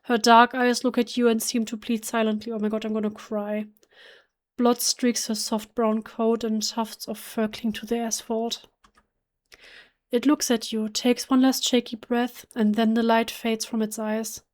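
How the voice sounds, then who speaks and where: A woman's voice: fairly high pitch, level tone, a little slow. A woman whose first language is German, reading a horror game's text aloud in English during a let's play, emotionally and with frequent restarts. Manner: emotional, hushed, with self-corrections.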